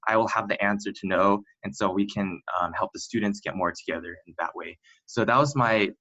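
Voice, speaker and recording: A young man from California talks through his school years in a loose, rambling way, full of fillers and restarts. His voice sits on the low side yet sounds bright and forward. The sound is muffled and lo-fi, as over a video call. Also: fairly quick. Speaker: student presenter. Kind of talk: casual online presentation. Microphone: computer mic on a video call.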